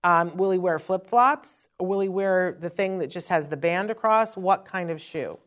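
A middle-aged woman hosting a chatty advice talk, telling stories in an animated, frank way. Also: fairly low pitch, normal speed. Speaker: host. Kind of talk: live-stream advice talk.

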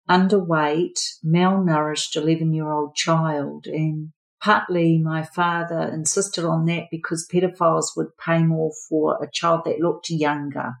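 Low-voiced older New woman. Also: low-quality recording. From New Zealand. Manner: measured, earnest recounting. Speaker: former therapist sharing her story. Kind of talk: personal testimony.

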